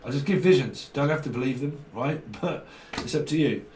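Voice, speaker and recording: A man's voice: medium pitch, brisk, darkish tone. British man, tarot reader, rambling and jokey, roomy echo, mic set back, faint hiss. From Britain. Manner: chatty, jokey, laughs often, slips into slang and mock voices. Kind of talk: rambling casual tarot reading. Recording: echoey room, distant mic, faint noise.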